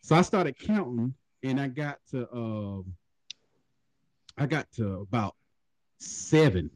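Man telling stories with a lively pitch. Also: slow pace, no room sound. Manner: animated profane storytelling, laughing often. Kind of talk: casual comedic chat.

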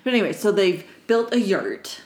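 A woman's voice: medium pitch, animated, moderate pace. A woman co-hosting a casual chat, retelling a secondhand story in a wry, giggly way. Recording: roomy echo.

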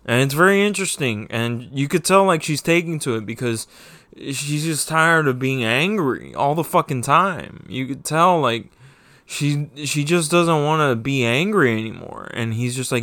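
A man's voice: mid-range voice, normal speed, fairly bright tone, no room sound. A man giving a casual, rambling spoken review of a TV season, swearing often and getting heated. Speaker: show reviewer.

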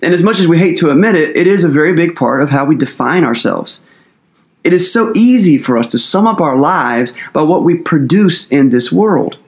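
Earnest casual pastor, higher-voiced man. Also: expressive, normal speed. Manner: casual and earnest, loose phrasing with many fillers. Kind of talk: conversational sermon.

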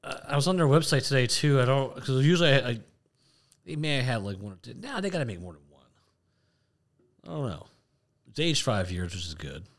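A man co-hosts a casual podcast, talking quickly with a middling pitch. He tells rambling, animated stories and often restarts his sentences. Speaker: podcast co-host. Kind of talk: casual chat.

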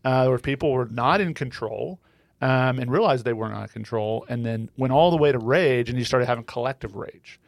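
Male podcast host with a gravelly edge, thoughtful questioner, dry studio sound. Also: mid-range voice, a little fast, no room sound. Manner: reflective, asks questions. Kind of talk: podcast discussion.

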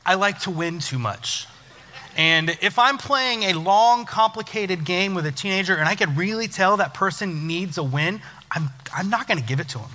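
A man's voice: high voice, moderate pace. A young adult man, a youth pastor, giving a casual, joking sermon in a church hall. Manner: joking, self-deprecating, lively storytelling. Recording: long church hall reverb.

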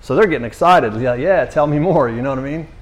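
Male preacher, mid-pitched, talks Scripture like casual chat, slangy with frequent restarts. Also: fast. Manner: slangy, conversational, restarts often. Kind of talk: casual sermon.

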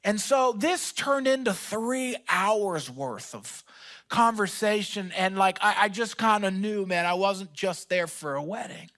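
A male pastor preaching a conversational, story-driven sermon. He swings from loud bursts to hushed asides. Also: sits high, unhurried.

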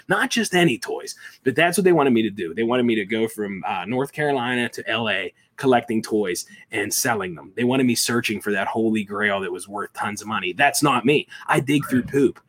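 A man, a toy collector and interview guest, telling stories in an animated, self-deprecating, rambling way. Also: fairly low pitch, brisk, few pauses. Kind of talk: casual interview storytelling.

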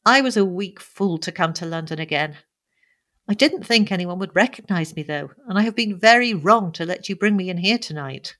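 Woman reading as a tired bitter young guy in a storybook, short clipped answers, lowish voice. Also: lively intonation, normal speed, fairly bright tone. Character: weary shabby young man, bitter wanderer. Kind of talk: audiobook character reading.

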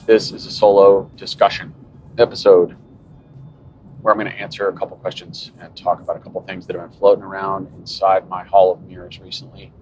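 A man's voice: flat delivery, a little fast, darkish tone. A man in his fifties hosts a solo cycling podcast from his car. He muses aloud in a wry, sarcastic way. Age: 50s. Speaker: cycling podcast host and coach. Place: in a moving car. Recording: muffled car recording with road rumble.

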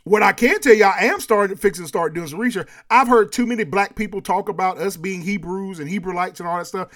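A man with a high voice talking through sports and culture in a loose, casual way. He is animated, laughs easily and circles back over his own words as he makes a point. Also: quick pace. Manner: animated, laughs often, repeats himself when making a point. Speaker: podcast co-host.

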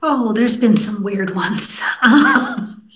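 Lively woman telling a story. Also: medium pitch, takes it slowly, low-quality recording. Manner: lively, self-deprecating storyteller. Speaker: TV news reporter, guest. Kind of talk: casual podcast interview.

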